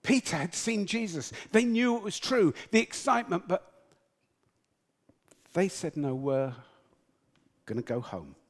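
A man from Britain gives a sermon and retells a Bible story with flair. His pitch rises and falls a great deal. He speaks slowly, with deliberate pauses. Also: big-room sound. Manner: storytelling, animated, acts out quotes. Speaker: preacher.

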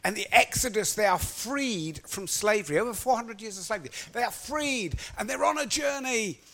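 A man preaching a sermon in an animated storytelling manner, acting out quotes as he goes. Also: sits high, normal speed.

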